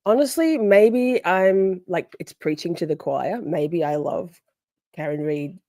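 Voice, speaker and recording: A woman's voice: lowish voice, slow, mellow, no room sound. A woman hosting a casual livestream, rambling chattily and greeting viewers by name. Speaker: livestream host.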